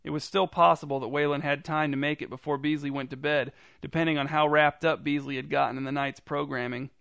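Deadpan male audiobook narrator, clear tone. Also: a little high, fast talker, no echo. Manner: dry, deadpan storytelling. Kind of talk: scripted narration.

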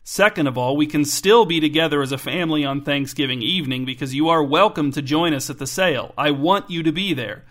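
A man's voice: a little high, a little fast, few pauses, fairly bright tone, natural voice. A man voicing an earnest father who lectures and argues his point with eager conviction. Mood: earnest, persuasive.

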